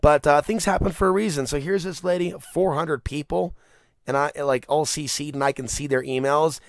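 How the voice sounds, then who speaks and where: A man's voice: a little high, normal speed, no room sound, studio quality. Man ranting on his podcast. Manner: rambling, animated, swears and laughs. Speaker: podcast host. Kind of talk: casual monologue rant.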